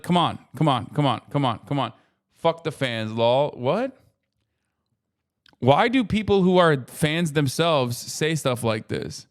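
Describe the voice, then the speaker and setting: A man talking casually as a streamer while reacting to a video, rambling and swearing a lot as he acts out how strangers react to him. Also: on the high side. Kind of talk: casual profane commentary.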